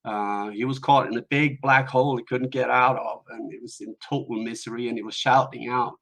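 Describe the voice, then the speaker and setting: A man's voice: medium pitch, fairly even intonation, moderate pace, creaky, hardly any pauses. A man from Norway, guest in a casual interview, telling a parable with some hesitant fillers. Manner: hesitant with fillers, then storytelling.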